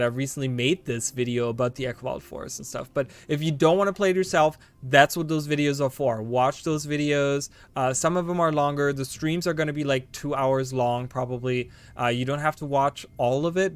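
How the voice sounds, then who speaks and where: A man's voice: medium pitch, a little fast, few pauses, clear, resonant tone. A man streaming a game live, rambling to his viewers with bursts of delighted exclamations and casual swearing. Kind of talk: casual live gameplay commentary.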